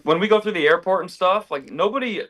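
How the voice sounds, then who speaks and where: A man's voice: sits high, fast talker, a bit bright. A man chatting casually as a guest on a video call from his apartment, joking and self-deprecating. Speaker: comedian guest. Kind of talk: casual interview chat.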